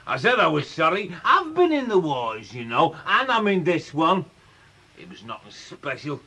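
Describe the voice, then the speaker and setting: An actor playing a belligerent, drunken older father from Liverpool who shouts, bullies and breaks into coughing fits, in a radio drama. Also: fairly high pitch, huge pitch swings, normal speed, husky, heavily acted.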